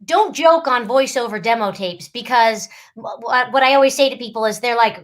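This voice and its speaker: A middle-aged woman, a voice actress and lawyer, chatting casually and animatedly, often acting out voices. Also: fairly high pitch. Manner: animated, quick to laugh, acts out voices. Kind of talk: casual chat.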